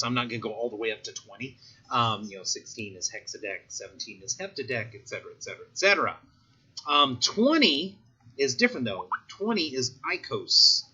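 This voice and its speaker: Male teacher, casual video lesson, bright slightly husky voice, chatty asides. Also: medium pitch, dull audio. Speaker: chemistry teacher.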